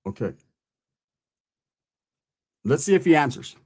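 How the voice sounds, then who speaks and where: Profane, animated man telling a spooky story. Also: on the high side, slow pace, husky. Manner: profane, animated, street slang, peppers talk with "right?". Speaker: podcast host telling a story. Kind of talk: casual storytelling.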